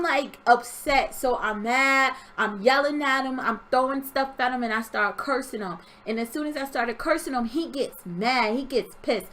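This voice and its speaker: A young woman telling a story from her dream in an animated, expressive way, acting out sounds. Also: high voice, normal speed, few pauses. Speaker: vlogger. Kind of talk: storytelling vlog.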